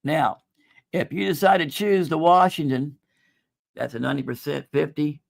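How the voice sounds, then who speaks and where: A fairly high-pitched man with vocal fry hosts a casual livestream sale of coins and jewelry at a moderate pace. Chatty and folksy, he calls the audience "folks."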